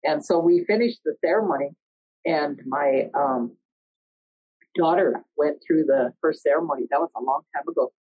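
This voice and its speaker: Husky woman telling a personal story. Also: sits low. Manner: earnest, conversational, pauses mid-sentence. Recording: dull lo-fi recording.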